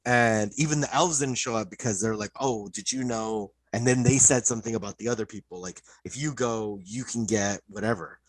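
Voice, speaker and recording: Excited husky man retelling cartoons. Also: on the low side, brisk, few pauses, no room sound, rough recording. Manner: excited, profane storytelling, many "like" fillers. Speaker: podcast co-host. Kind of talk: casual chat.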